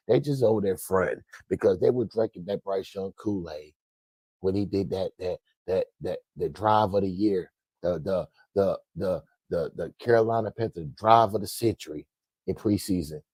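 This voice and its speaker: A man's voice: low voice, normal speed, darkish tone, husky, no echo. A man hosting a sports commentary show, ranting in a profane, emphatic way and repeating his points. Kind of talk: fiery sports rant.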